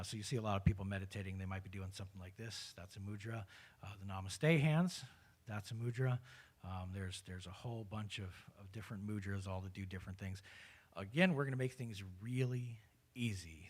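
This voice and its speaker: A man guiding a spiritual community through a mantra and hand gesture in a relaxed, casual way, with frequent hesitations and restarts. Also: fairly low pitch. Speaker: meditation leader. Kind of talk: guided meditation instruction. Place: spiritual community service, live-streamed.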